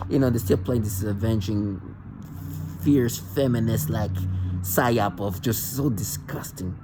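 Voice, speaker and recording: Agitated man ranting, halting restarts. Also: on the low side, background noise. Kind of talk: self-recorded monologue rant.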